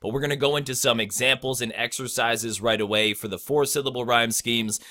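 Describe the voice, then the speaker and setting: A man's voice: medium pitch, steady tone, a little fast, bright, forceful tone. A man casually teaching rap rhyme schemes, breaking words into stressed and unstressed syllables. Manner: loose and conversational, many fillers. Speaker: rap tutorial host. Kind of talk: casual instructional talk.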